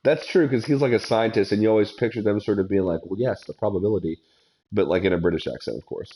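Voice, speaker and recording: A man's voice: lowish voice, quick pace, mellow. A man streaming a video game, chatting casually and griping with a lot of swearing. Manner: profane, exasperated griping. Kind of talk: casual gameplay commentary.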